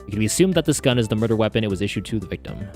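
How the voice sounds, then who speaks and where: A man voicing a stern young male prosecutor in a put-on British accent, formal and measured, dubbing a game as he plays. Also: on the low side, animated, music in the background. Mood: cool deduction. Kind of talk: fan voice-over while playing.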